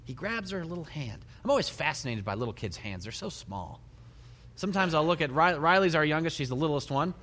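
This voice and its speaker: A middle-aged man, a pastor, giving a sermon, retelling the story with animated storytelling and soft laughs. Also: on the high side, brisk. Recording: long hall reverb.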